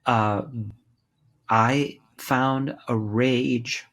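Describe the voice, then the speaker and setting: A man in his sixties, an author and actor, tells his story as a guest in a candid podcast interview, speaking passionately, repeating words for emphasis and swearing freely. His voice is medium in pitch, steady, very slow and a bit bright.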